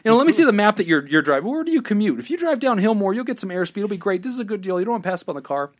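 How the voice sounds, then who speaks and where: A man voicing a pushy, slick used car salesman who talks fast and brushes off every objection. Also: sits high, big pitch swings, voice pushed up. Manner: fast, eager, talking over objections.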